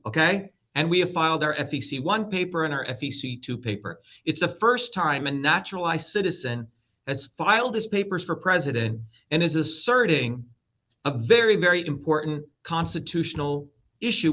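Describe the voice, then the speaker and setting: In a dull lo-fi recording, a middle-aged man from India who is running for president spars as a guest in a heated interview, blunt and profane. His slightly high voice is expressive, pushed, and bright, and he speaks a little fast.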